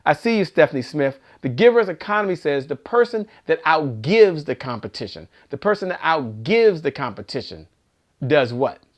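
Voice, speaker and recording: Brief: male livestream host, energetic sales motivator, slightly high voice, preachy repetition. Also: normal speed. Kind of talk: live-stream motivational sales talk.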